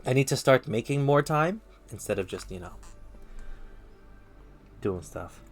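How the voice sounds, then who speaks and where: A man's voice: mid-range voice, animated, unhurried. A man streaming, casually chatting with his viewers in a loose, slangy way. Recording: faint music behind.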